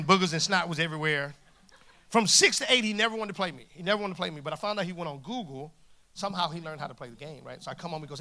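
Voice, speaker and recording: Speaking fast from a church stage before a congregation, a guest preacher in his forties gives a humorous sermon. His bright, forceful voice sits slightly high for a man, and he tells stories with lively, jokey energy, acting out the dialogue.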